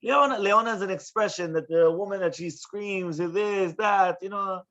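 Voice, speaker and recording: A man, a rabbi, teaching a Talmud class in an animated way, often checking in with questions. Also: high-pitched, normal speed. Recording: dull lo-fi recording.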